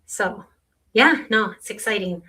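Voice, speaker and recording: A middle-aged woman talks casually as a podcast guest and laughs easily. Her voice is bright and forceful at a mid pitch. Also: expressive, measured pace, slightly rough. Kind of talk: casual chat.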